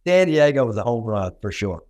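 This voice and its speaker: A man's voice: medium pitch, very animated, fairly quick, darkish tone. An older man from Arkansas with a Southern accent, telling stories in a folksy, self-deprecating way as a dentist guest in an interview. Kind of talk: conversational interview storytelling.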